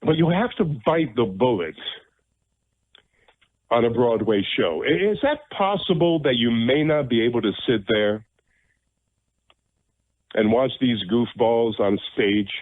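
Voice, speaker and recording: A man's voice: mid-range voice, animated, unhurried, pauses often, no room sound. A man hosting a radio talk show, speaking in a blunt, rambling monologue and repeating himself for emphasis. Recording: narrow phone-like radio sound, dry.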